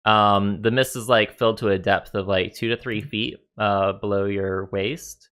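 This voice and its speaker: A man's voice: on the low side, fairly even intonation, unhurried, fairly bright tone, smooth. A man narrating as game master in a casual, rambling way with many fillers. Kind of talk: narrating a tabletop game over voice chat.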